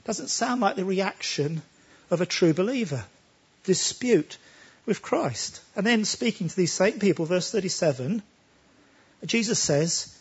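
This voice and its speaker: A man's voice: sits high, big pitch swings, measured pace, husky, highs cut off. A man preaching a sermon, talking emphatically and pressing his listeners with rhetorical questions.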